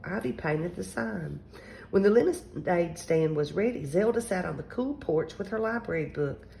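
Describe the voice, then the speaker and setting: Woman, storyteller, children's book read-aloud, gentle, steady, lowish pitch, gravelly. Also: slight background noise, low-quality recording.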